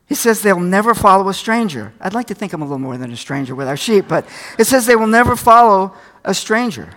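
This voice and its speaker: A man's voice: sits high, big pitch swings, fast talker, fairly bright tone. An older man preaching a sermon in a folksy, conversational way, telling stories from his own life, a little tired. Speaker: pastor.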